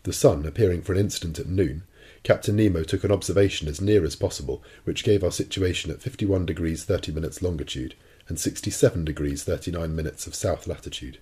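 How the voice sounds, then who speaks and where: A man narrating a classic adventure novel as an audiobook in a measured, deliberate way. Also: sits low, warm tone, breathy edge.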